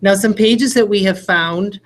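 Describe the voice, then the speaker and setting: A woman's voice: mid-range voice, measured pace, background noise. A woman walking fellow teachers through a spelling lesson, explaining step by step and sounding out words letter by letter. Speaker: teacher trainer. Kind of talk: casual instructional walkthrough.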